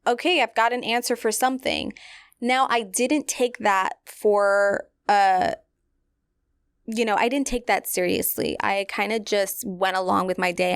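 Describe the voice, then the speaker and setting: A woman's voice: medium pitch, creaky, clean tone, no echo, studio quality. A young adult woman hosting a podcast, telling a personal story in a candid, rambling way with many fillers. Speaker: podcast host.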